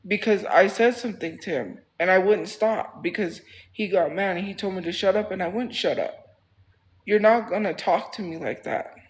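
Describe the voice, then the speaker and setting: A man's voice: sits high, moderate pace, poor audio. A man telling a story on a casual livestream, rambling and repeating phrases for emphasis in a heated, defensive way.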